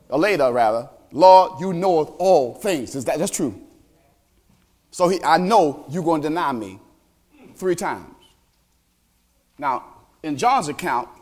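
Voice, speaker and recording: A male pastor preaching a sermon, animated, asking the congregation questions directly. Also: fairly high pitch.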